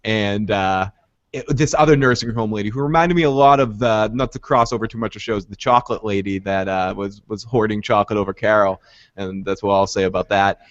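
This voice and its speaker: A man's voice: fairly low pitch, fairly quick, no echo, lo-fi sound. A man hosting a casual TV recap podcast, retelling scenes with lots of energy. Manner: animated retelling, acts out lines in funny voices. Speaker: podcast host.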